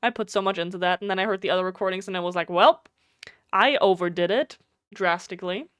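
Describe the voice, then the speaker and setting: On a desk mic that sounds close and dry with no room sound, a talkative woman with a German accent chats casually while streaming a game. Her voice runs on the low side, a bit bright, smooth and clear with a faint nasal quality, and she talks fast. She's blunt and swears a lot.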